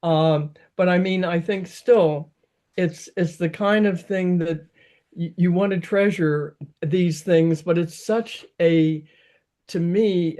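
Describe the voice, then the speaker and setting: A man's voice: sits high, dark tone. A man giving an informal talk about an opera, rambling with frequent restarts. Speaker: opera lecturer.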